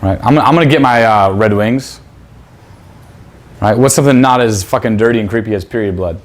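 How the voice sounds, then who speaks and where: A man's voice: lowish voice, a little fast. Profane man teaching a seminar class. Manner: profane, quizzes students, acts out pickup lines. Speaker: seminar instructor. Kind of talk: crude live teaching.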